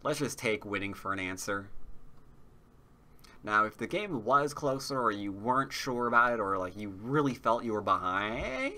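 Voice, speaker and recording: Bright-voiced man muttering through a game. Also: lowish voice, expressive, normal speed. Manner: chatty, muttering to himself, humming. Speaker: game commentator. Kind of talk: casual live commentary while playing.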